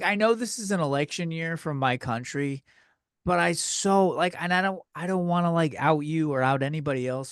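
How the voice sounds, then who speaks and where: Male host, Californian accent, loose and crude comic banter, bit high pitched, dry room. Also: no echo. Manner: profane, joking, rambling. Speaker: podcast host. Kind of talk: casual comedic chat.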